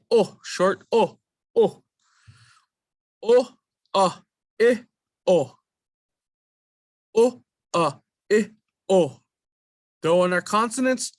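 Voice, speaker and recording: A man teaching a language lesson, drilling vowel sounds slowly and repeating each word patiently. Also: high voice, no echo, clean studio sound. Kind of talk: slow spoken language lesson.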